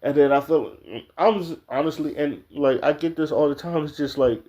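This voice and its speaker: A man's voice: a little high, moderate pace, warm tone. A man giving casual opinion commentary straight to his viewers, blunt and profane, full of restarts and "like". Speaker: video commentator.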